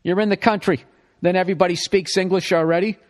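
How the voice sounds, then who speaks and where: A middle-aged man with a Boston accent, hosting a podcast with a profane, animated comedic ramble. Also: high voice, quick pace. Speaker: podcast host.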